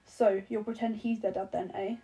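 A woman's voice: mid-range voice, fairly even intonation, normal speed, mellow, close to an everyday voice, poor audio. A woman doing a blunt, grim ex-husband. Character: stubborn middle-aged ex-husband, blunt and grim.

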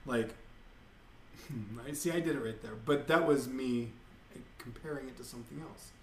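A man's voice: medium pitch, moderate pace, a little hiss or hum. A man hosting a podcast at home, ranting in a casual, profane and exasperated way. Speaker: podcast host. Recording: echoey room.

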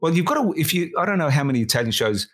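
A man from Australia, a comedy writer and producer, telling animated stories as a guest in a casual interview, with many restarts. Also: on the high side, rapid-fire, husky.

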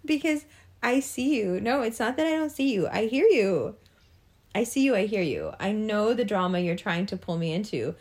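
A woman's voice: mid-range voice, expressive, a little mellow. A young adult woman talking casually to camera, laughing often and acting out people's reactions. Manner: laughs often, acts out reactions, drawn-out delivery. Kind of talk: casual monologue.

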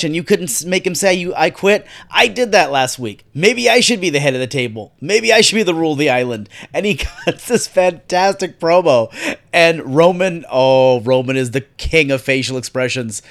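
A man's voice: fairly high pitch, fairly bright tone. A man hosting a solo wrestling recap podcast, talking casually with sarcastic, profane rants. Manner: sarcastic, profane, ranting asides. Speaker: podcast host.

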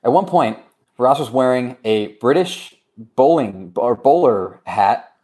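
A man hosting a laid-back podcast in a mid-range voice, joking between promos and shout-outs. His talk is loose and playful, and he keeps the segment moving with teasing asides to his co-host. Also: medium pitch, lively intonation, slow pace. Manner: jokey, runs through promos and shout-outs. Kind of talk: casual podcast chat. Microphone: remote recording.

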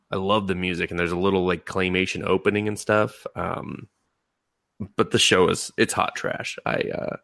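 A man's voice: deep voice, vocal fry, fairly bright tone, no room sound, clean studio sound. A man co-hosting a podcast in casual chat, rambling, laughing and swearing as he retells scenes. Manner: rambling, laughing, profane, mimics people mid-story. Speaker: podcast co-host.

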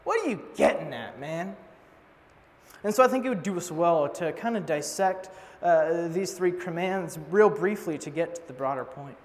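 A man's voice: fairly high pitch, normal speed, hardly any pauses. A young man preaching a sermon in a casual, joking way, telling stories and teasing out a passage. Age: young adult. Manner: casual, joking, animated storytelling. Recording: long hall reverb.

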